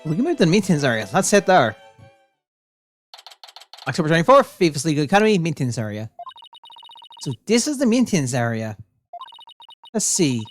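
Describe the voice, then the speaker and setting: A woman's voice: deep voice, sing-song, brisk, pauses often, faint music behind. A woman streamer reading a game's dialogue aloud on a livestream, voicing every character and laughing at her own strained voice.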